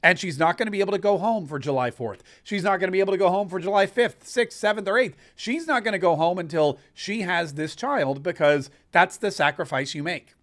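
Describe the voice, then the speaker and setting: A male host delivers political commentary in a rather high voice, pressing each point with emphatic, sarcastic rants. He builds momentum, repeating phrases to hammer home his argument. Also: brisk, hardly any pauses, fairly bright tone.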